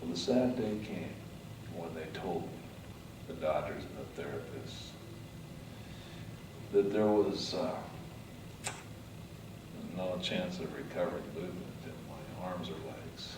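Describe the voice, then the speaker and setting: A man giving a motivational speech, telling his story dramatically, swinging from hushed to loud. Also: sits low, expressive, takes it slowly, long pauses, distant mic, a little hiss or hum. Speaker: motivational speaker. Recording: echoey hall, mic from afar.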